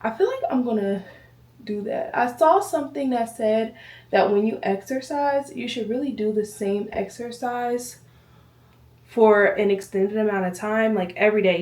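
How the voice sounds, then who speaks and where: A woman's voice: mid-range voice, a little mellow. A woman vlogger chatting casually to camera at home, slightly out of breath, rambling and addressing viewers as y'all. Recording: echoey room, voice from a distance.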